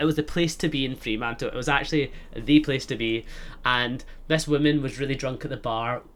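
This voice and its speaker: A man's voice: mid-range voice, fairly bright tone. Young Scottish male podcast host, loose rambling chat, mid-range voice. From Scotland. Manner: rambling, full of "like" fillers and laughter. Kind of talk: casual chat.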